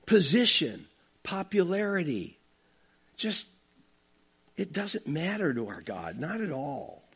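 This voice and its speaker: Animated, high-voiced male preacher. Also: takes it slowly, slightly rough. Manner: emphatic and conversational, with asides like "okay?". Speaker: pastor. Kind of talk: expository sermon.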